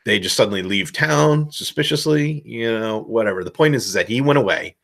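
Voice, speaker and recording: A man giving casual advice as a game master, loose and self-deprecating, rambling with a relaxed tone. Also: medium pitch, fairly quick, creaky. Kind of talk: casual instructional talk.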